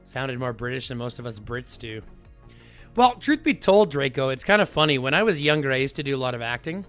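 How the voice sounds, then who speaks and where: A man hosting a livestream, chatting casually with viewers in a rambling, animated way full of fillers. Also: medium pitch, a little fast, soft background music. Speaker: livestream host.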